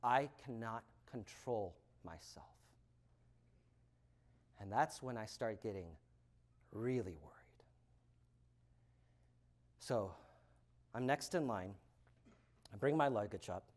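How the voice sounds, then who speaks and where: A man giving a keynote talk, telling a personal story with dramatic pauses and swings from loud emphasis to hushed words. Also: fairly low pitch. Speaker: keynote speaker. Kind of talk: storytelling speech to an audience.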